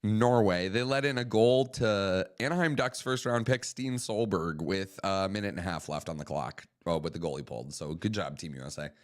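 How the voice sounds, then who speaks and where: A man's voice: low voice, moderate pace, hardly any pauses. A man co-hosting a casual sports talk show, making dry, wry remarks between hesitant fillers. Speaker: co-host.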